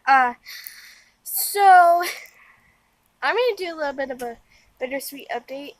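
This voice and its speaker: Slow-talking high-voiced tired young woman. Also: expressive, dry recording, rough recording. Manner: rambling, many fillers and restarts. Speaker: vlogger. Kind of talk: casual vlog update. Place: outdoors in strong wind.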